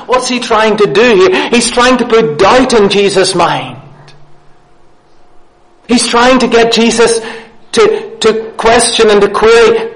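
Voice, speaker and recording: A man with a high voice preaches a sermon. He speaks earnestly, asks his listeners questions, and repeats key phrases for emphasis. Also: slow, a bit bright.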